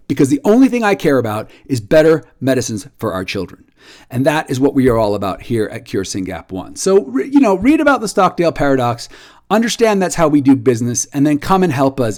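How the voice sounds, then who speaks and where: A man leading a nonprofit, giving a casual video update as an animated storyteller who acts out quoted dialogue and repeats words when he gets excited. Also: medium pitch. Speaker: nonprofit leader.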